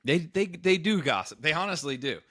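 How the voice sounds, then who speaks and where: A man co-hosting a comedy podcast, telling a rambling, animated story in casual chat. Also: fairly high pitch, a little fast, no echo, clean studio sound. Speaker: podcast co-host.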